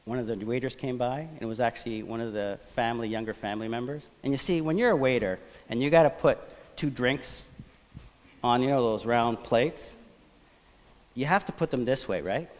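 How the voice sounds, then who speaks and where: A man preaching a sermon, telling a personal story in a conversational, animated way. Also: mid-range voice, brisk. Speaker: pastor. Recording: long church reverb.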